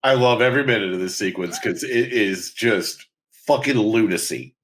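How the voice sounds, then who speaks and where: A man's voice: fairly low pitch, normal speed, fairly bright tone, rough recording. A man co-hosting a podcast, chatting casually about a movie, acting out lines and laughing often. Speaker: podcast co-host. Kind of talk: casual movie-review chat.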